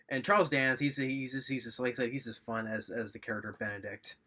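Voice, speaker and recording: A man's voice: medium pitch, sharp tone. A man giving a casual, rambling movie review, recapping scenes with enthusiasm and little chuckles.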